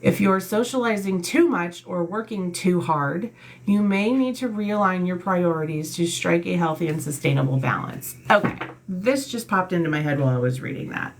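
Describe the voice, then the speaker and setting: Blunt woman tarot reader, gravelly and lowish, faint hiss behind. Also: animated, moderate pace. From Italian heritage. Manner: blunt, emphatic, swears freely. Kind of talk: casual tarot reading, reading card texts aloud.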